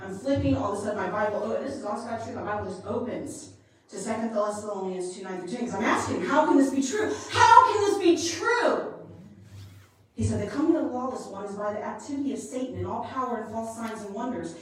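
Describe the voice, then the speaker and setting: A woman leading women's ministry, preaching a conference sermon as testimony, by turns hushed and fervent. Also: medium pitch, fast, far from the mic. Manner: impassioned, rising from hushed to loud and fervent. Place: large conference hall. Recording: echoey hall, recorded from afar.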